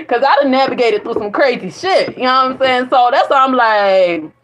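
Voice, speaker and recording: A woman's voice: sits high, animated, moderate pace. A woman vlogging in a casual spiritual monologue, rambling and profane, often breaking into laughter. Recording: dull lo-fi recording.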